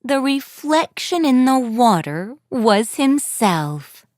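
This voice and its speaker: A woman narrating a children's story in a gentle, expressive way. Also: on the high side, slow pace, dry recording, studio quality. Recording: faint background music.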